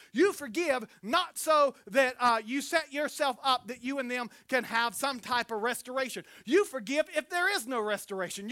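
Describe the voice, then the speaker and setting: Pastor, man, bright forceful voice, dry close sound, animated storyteller. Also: very high-pitched, no room sound. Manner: storytelling, animated, breaks into loud acted quotes. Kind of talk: sermon.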